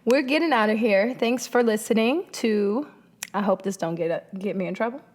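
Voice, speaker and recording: A woman with a somewhat high voice co-hosts a casual podcast. She talks candidly and profanely, with easy laughter in the banter. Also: normal speed, a little mellow, a little hiss or hum. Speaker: podcast co-host. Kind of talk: casual chat. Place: hot room, recorded on camera.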